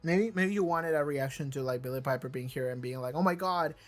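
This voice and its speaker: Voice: medium pitch, fairly quick, faint music behind. A reaction channel host talking casually from a chair, rambling with stammered restarts and frequent swearing. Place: seated in a chair.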